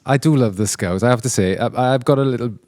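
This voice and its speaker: A man who is both a podcast host and a band member chats casually into a handheld mic, joking, laughing often and restarting a lot. His medium-pitched voice is quick and darkish in tone, with no room sound.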